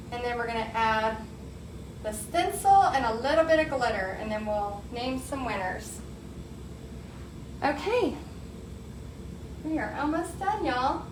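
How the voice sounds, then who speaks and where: A woman hosting a live painting tutorial, upbeat and chatty, talking to her viewers as she works. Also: high voice. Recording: echoey room, faint background noise.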